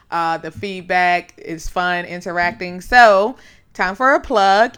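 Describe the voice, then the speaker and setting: A woman, co-hosting a podcast in relaxed casual chat and laughing often. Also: mid-range voice, clear, resonant tone. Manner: laid-back, laughs often. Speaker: podcast co-host.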